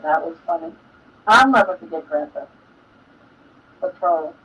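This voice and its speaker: A woman's voice: on the low side, expressive, measured pace, fairly bright tone, breathy edge. An older woman hosting a live stream, chatting casually and emotionally and laughing often. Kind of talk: casual chat. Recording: dull lo-fi sound, distant from mic.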